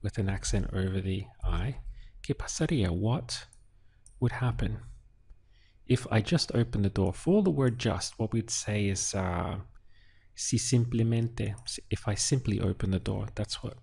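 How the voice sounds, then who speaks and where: A man walks through a translation in an unhurried, methodical way, pausing to think aloud. His voice sits low and a little husky. Soft keyboard clicks and typing can be heard behind him. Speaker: Spanish teacher. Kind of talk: unhurried lesson walkthrough while writing.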